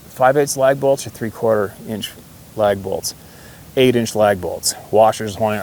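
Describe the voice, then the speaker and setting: A man's voice: on the low side, darkish tone, a little hiss or hum. A man telling a hunting story in a rambling, folksy way, swearing casually and chuckling often. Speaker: hunter.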